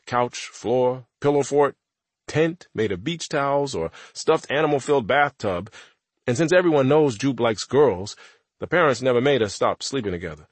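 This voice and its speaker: A man narrates an audiobook in the first person, wry and conversational, in the voice of a teenage boy. His voice is husky and sits at a middle pitch. The recording is dry and close to the mic. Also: no echo.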